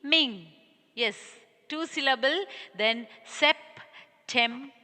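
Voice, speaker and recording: Indian lady teacher talking real slow and sing-songy to little kids, bright voice, echoey room. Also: a little high, animated. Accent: Indian English. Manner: slow, sing-song, drawing out words for young children. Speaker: primary school teacher. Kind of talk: recorded online class lesson.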